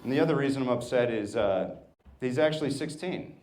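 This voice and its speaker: A man's voice: medium pitch, lively intonation, darkish tone, roomy sound. Thirty-something man doing stand-up. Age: 30s. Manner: storytelling, acts out family members in quick bits. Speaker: stand-up comedian. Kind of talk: stand-up set. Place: comedy club stage. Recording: live club audience laughter. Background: laughing audience.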